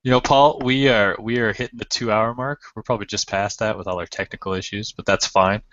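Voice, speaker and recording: A man's voice: on the low side, steady tone, a little fast, a bit bright, dry recording. A man co-hosting a casual podcast interview, thanking his guest as he wraps up. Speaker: podcast co-host. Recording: dry lo-fi call audio.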